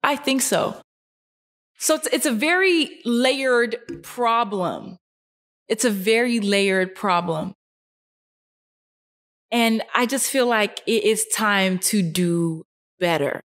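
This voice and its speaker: A young woman in a casual vlog, sitting on a couch indoors and speaking earnestly to camera. Her voice sits in a middle pitch, and she lifts it sharply when she stresses a point, filling her pauses with "um" and "like.". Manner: earnest, animated, rising pitch on emphasis, frequent fillers. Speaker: fashion model and vlogger. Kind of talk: casual talking-to-camera monologue.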